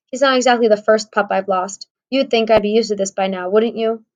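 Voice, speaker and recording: A weary, grieving mother dog, as a woman reading a storybook puts her on, at a middle pitch close to the reader's own. She sounds tired and resigned. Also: fairly even intonation, fairly quick, darkish tone, lo-fi sound, natural voice.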